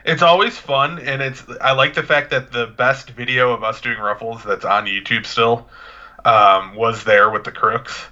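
A man's voice: medium pitch, steady tone, measured pace, bright, forceful tone, highs cut off. A man co-hosting a podcast, chatting in a laid-back, rambling, joking way. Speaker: podcast co-host. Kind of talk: casual chat.

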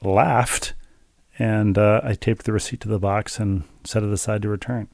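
A middle-aged man in a casual podcast chat, telling stories in a dry, deadpan way. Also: on the low side, normal speed, gravelly, no echo. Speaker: podcast co-host, father.

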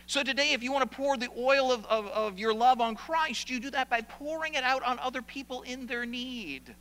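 A man preaching a sermon as a pastor, animated and repeating phrases for emphasis. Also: very high voice, normal speed, long reverb tail.

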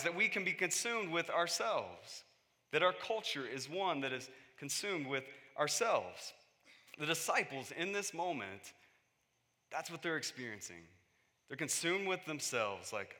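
Bright-voiced male pastor preaching in a reverberant hall. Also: fairly high pitch, expressive, a little slow. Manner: conversational, acts out quoted voices, rises to emphatic peaks. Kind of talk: sermon.

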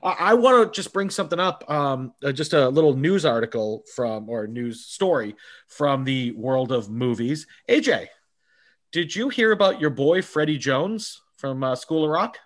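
A man's voice: medium pitch, animated, moderate pace. A man with a Boston accent hosting a casual podcast chat, a little drunk and joking as he talks. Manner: joking, hype-man introductions. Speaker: podcast host.

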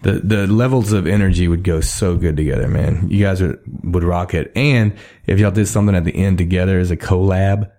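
Laid-back podcast host, low and dark. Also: male voice, steady tone, fairly quick, hardly any pauses. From Texas. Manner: rambling, laid-back, laughs often. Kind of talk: casual chat. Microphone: studio microphone.

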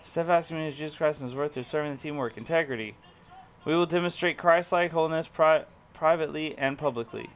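A young man with a slightly high voice talks fast in a casual chat, joking around and reading web pages aloud in a laid-back way, calling people "dude" and "bro." The audio sounds dull.

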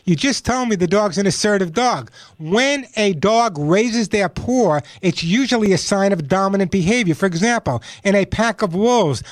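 A man's voice: sits high, lively intonation, normal speed, dry recording. A man hosting a call-in radio show about pets, giving emphatic advice and repeating his points. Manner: emphatic, repeats points, puts on dog voices for jokes. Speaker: radio pet show host.

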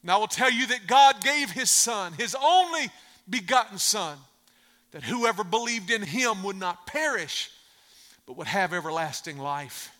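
Brief: male pastor, high bright voice, emphatic storytelling with repeated refrains, long church-hall reverb. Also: animated, a little slow. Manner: emphatic, repeats phrases for effect. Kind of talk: sermon with storytelling.

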